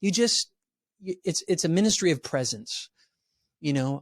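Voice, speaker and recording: A man speaks as a guest educator in a lively, animated podcast talk. His voice sits a little high, and his delivery is full of energy. He keeps slipping into quoted voices, and the recording is dry and close. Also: normal speed, no room sound.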